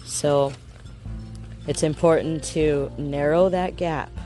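A man's voice: on the high side, fairly even intonation, slow pace, warm tone, faint music behind. A man giving a casual self-help lesson in an earnest way, asking his listeners rhetorical questions.

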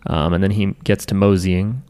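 A man's voice: deep voice, fairly even intonation, normal speed, a little mellow. A man co-hosting a podcast, chatting casually and jokingly while recapping an anime, acting out characters' lines. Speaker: podcast co-host.

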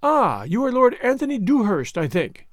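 A man's voice: extremely high pitch, big pitch swings, normal speed, no room sound, clean studio sound, pitched above the performer's own voice. A man reading aloud, voicing a dignified older French countess with a French accent and a grave, gracious manner. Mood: grateful.

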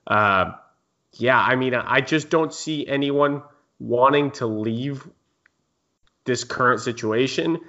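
A man's voice: medium pitch, takes it slowly, sharp tone, dull audio. A man hosting a casual sports podcast, chatting and reading listener questions. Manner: conversational, reads listener questions. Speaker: podcast host.

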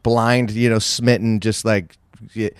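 A man's voice: on the low side, level tone, unhurried, clear, resonant tone, no echo, studio quality. A man in his forties from San Francisco, a podcast guest telling stories in a brash, profane, self-mocking way. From San Francisco, United States. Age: 40s. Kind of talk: casual storytelling chat.

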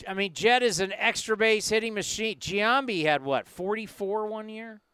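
A man's voice: high-pitched, moderate pace, pushed and bright, clean tone, no echo. A man hosting a sports talk show, joking and asking a lot of questions.

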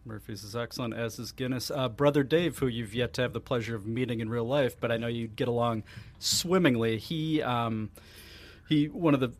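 A man's voice: mid-range voice, moderate pace. A man hosting a casual podcast chat, laid-back and given to hesitant restarts. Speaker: podcast host.

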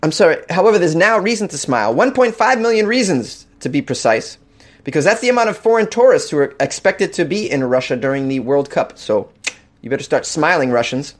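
Podcast host, male, slightly high voice, loose rambling delivery, laughs a lot. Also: animated, fairly quick. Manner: rambling, self-amused, laughs often. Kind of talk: casual comedic news commentary. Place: hot apartment.

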